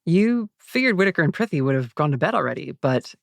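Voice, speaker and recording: A game master narrating a tabletop game in unhurried, descriptive narration. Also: mid-range voice, very animated, gravelly, no echo.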